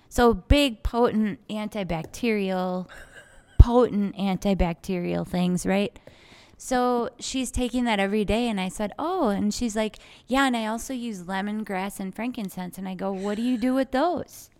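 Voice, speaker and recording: A young woman co-hosting a casual chat, telling a chatty, animated story about a customer at her aromatherapy shop and acting out their exchange. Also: medium pitch, moderate pace, clean tone. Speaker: podcast co-host, aromatherapy shop owner.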